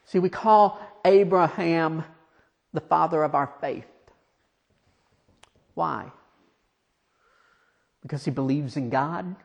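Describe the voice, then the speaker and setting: A man's voice: a little high, takes it slowly, gravelly, long pauses. Earnest man preaching a story sermon. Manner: earnest, conversational, asks the listeners questions, sinks quiet for emphasis.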